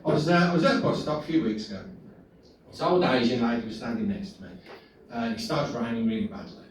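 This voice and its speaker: A man's voice: mid-range voice, lively intonation, fast. A man with a Birmingham accent doing a stand-up set, cheeky and laughing at his own jokes. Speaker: stand-up comedian. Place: small pub comedy room. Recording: echoey room from far off, noisy.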